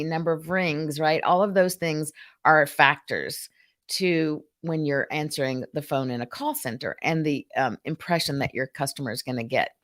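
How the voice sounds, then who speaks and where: An older woman from Georgia hosting a live-stream talk, speaking straight to viewers, acting out phone greetings and reading their comments aloud. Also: sits low. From Columbus, Georgia. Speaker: host of a live customer experience show.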